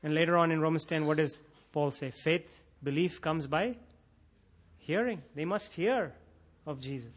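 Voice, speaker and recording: A male pastor with a fairly high voice preaches a sermon at normal speed. He builds to intense, impassioned emphasis and repeats phrases to drive them home, now and then acting out imagined prayers in a quoted voice.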